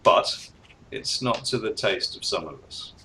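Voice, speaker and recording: A man's voice: on the low side, lively intonation, measured pace, sharp tone, a little hiss or hum. A man voicing a male ex-special-forces runner who makes hesitant, clipped requests.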